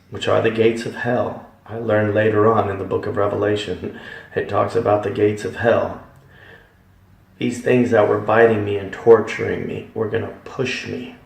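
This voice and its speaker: In an echoey room, a distant man with a lowish, gravelly voice shares a religious testimony. He tells his story in a dramatic, emphatic style, repeating himself for effect.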